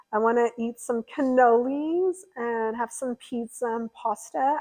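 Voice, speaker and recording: A woman's voice: a little high, a little mellow, low-quality recording. A young woman livestreaming, chatting casually and rambling through viewer comments with lots of fillers. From California.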